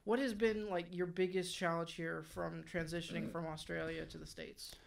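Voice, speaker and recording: Podcast co-host, gravelly voice, casual chat, rambling, easygoing. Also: mid-range voice, flat delivery, moderate pace. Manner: loose, rambling, chatty.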